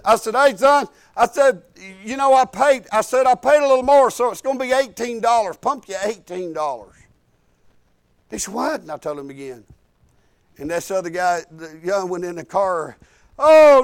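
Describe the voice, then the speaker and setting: A man's voice: high-pitched, fairly bright tone. A man, preaching in a folksy, rambling storytelling way and repeating "I said" as he goes. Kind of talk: sermon storytelling.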